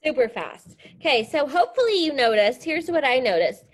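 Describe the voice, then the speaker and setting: Upbeat teacher woman, fairly high voice. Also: very animated, fairly quick. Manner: upbeat, encouraging, explains step by step. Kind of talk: classroom science demonstration.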